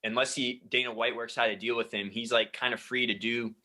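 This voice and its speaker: A man's voice: medium pitch, flat delivery, fairly quick, sharp tone, low-quality recording. A man co-hosting a sports podcast in casual chat, explaining things at length with plenty of "like" and "kinda" fillers.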